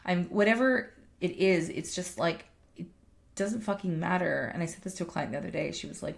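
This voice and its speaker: A woman's voice: lowish voice, a little fast, creaky. A woman life coach and podcast co-host chatting casually, emphatic, swearing freely and often restarting her sentences. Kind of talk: casual chat.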